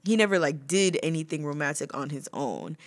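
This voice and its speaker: A young woman talks straight to her viewers, relaxed and chatty, often laughing between words. Her voice sits low for a woman, with lots of "like" and "you know". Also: brisk. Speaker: vlogger. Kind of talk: casual storytelling to the camera.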